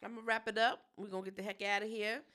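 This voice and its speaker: A woman's voice: mid-range voice, flat delivery, fast talker, bright, forceful tone. Middle-aged female co-host, easygoing and teasing, casual podcast chat.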